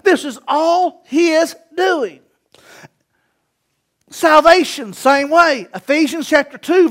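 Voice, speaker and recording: A man, preaching a sermon emphatically and swelling to shouts. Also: very high-pitched. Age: 40s. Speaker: pastor.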